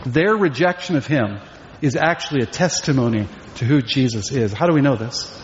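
A man's voice: medium pitch, animated, moderate pace, slight background noise. A man preaching a sermon as pastor, emphatic and full of rhetorical questions. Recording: echoey hall, dull lo-fi sound.

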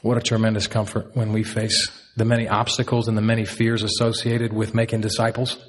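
A man's voice: fairly low pitch, monotone, brisk, slight background noise. Earnest male pastor preaching a sermon. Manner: earnest, repeats key lines for emphasis.

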